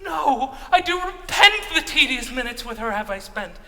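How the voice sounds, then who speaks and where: A man's voice: very high-pitched, very animated, moderate pace, sharp tone, exaggerated voice. A man playing an ardent lovestruck young man. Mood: passionate. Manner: earnest, theatrical Shakespearean delivery. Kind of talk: Shakespeare stage acting. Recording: long hall reverb.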